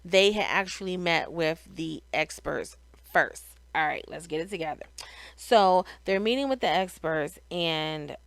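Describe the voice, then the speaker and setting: A middle-aged woman talks through a reality show episode in a slow, easygoing way, full of sighs, asides and restarts. Her voice is smooth and clear. It is recorded close and dry, with no room echo. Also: on the low side, fairly bright tone. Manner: chatty, opinionated, frequent sighs and restarts. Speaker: reality show recap host. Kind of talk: casual recap commentary.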